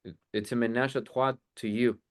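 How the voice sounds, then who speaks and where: A man's voice: mid-range voice, fairly even intonation, a little fast, no echo, clean studio sound. A man coaching a sales group on a video call, blunt and emphatic.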